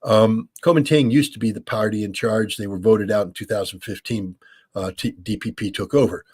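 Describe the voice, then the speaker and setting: An American man in his sixties answers listener questions in a husky, fairly low voice. He explains at length in a measured way, often restarting with ums. The sound is dry and close. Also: darkish tone, dry recording. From United States. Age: 60s. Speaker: guest, former weapons inspector. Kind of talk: call-in interview answers.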